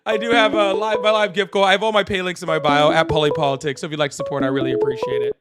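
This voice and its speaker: A man hosting a live political call-in stream, excitable and chatty, laughing often and thanking viewers at length. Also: high-pitched, racing, over loud music. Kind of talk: casual live-stream chat.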